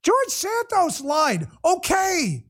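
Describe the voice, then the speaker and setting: A man hosts a political livestream, ranting bluntly and with plenty of profanity while speaking straight to the viewers in his chat. His voice is extremely high-pitched with huge swings in pitch, a slow pace, and a fairly bright tone.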